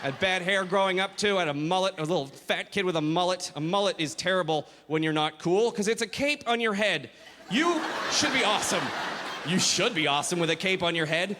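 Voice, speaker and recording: Male stand-up comic, high and animated, shouting punchlines, live hall reverb. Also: quick pace, few pauses. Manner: animated, shifts into silly voices, shouts punchlines. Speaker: stand-up comedian. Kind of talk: stand-up comedy set. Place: comedy club stage with a live audience. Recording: hall reverb, audience noise.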